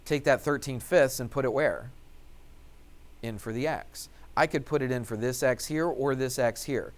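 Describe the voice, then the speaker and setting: A man teaching algebra in a classroom-lecture voice, pitched in the middle for a man. He keeps asking "what?" and then answers his own questions. He talks while writing out the steps. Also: normal speed. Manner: asks questions and answers them himself. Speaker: math teacher.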